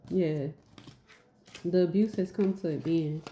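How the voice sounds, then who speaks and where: Woman, deep and warm, casual spiritual teacher, emphatic and repetitive, a bit goofy, roomy echo. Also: unhurried, a little hiss or hum. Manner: repetitive, emphatic, asks "right?"; goofy and laughing at herself.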